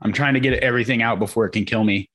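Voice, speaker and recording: A man's voice: lowish voice, racing, a bit bright. A man co-hosting a podcast in casual chat, laid-back with a wry, profane way of talking. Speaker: podcast co-host.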